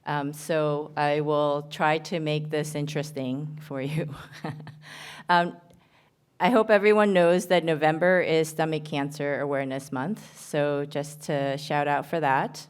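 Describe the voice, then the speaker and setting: A woman with a New Jersey accent presents at a medical conference, earnest and a little halting, often pausing on "um" and restarting her sentences. Her voice sits low and comes across smooth and clear. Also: fairly even intonation. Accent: American, New Jersey. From Korea. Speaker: surgeon giving a conference talk.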